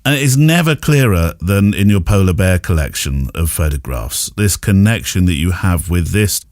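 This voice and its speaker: Man, podcast host, low voice, very lively pitch, dry close sound. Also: normal speed, no echo. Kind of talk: casual interview chat.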